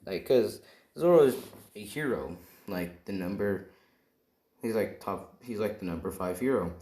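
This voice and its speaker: A man's voice: lowish voice, animated, measured pace, warm tone. A man casually retelling an invented story while playing a video game, rambling and often checking in with "right?". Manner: rambling, keeps asking "right?". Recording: roomy room echo, faint noise.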